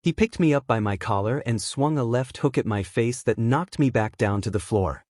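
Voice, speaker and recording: A man's voice: medium pitch, moderate pace, a little mellow, dry recording, studio quality. Man narrating a fan story in first person. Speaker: fanfiction reader.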